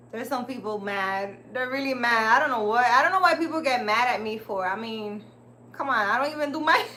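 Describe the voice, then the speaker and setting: A woman's voice: on the high side, sharp tone, a little hiss or hum. A woman hosting a casual livestream, rambling and chatty as she talks straight to her viewers. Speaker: livestream host.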